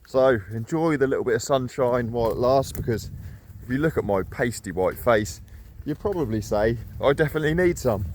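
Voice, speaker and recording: A man's voice: mid-range voice, expressive, fairly quick, darkish tone, slight background noise. A man, chatting casually and a bit breathlessly as he walks a lakeside for his fishing vlog. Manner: chatty and self-deprecating, rambling asides. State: slightly out of breath while walking. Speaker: carp fishing vlogger. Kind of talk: casual walk-and-talk vlog. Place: outdoors by a lake.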